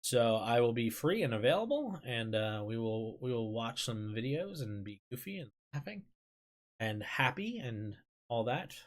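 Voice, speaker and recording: A man's voice: mid-range voice, lively intonation, normal speed. A man hosting a casual livestream chat, rambling with lots of fillers, laughing and swearing as he talks. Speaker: streamer host.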